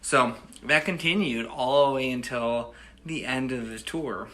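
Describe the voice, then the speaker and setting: A man's voice: mid-range voice, unhurried, bright, forceful tone. A man in his thirties from the United States, telling a personal story casually, rambling with many restarts and "you know"s. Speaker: storyteller and host.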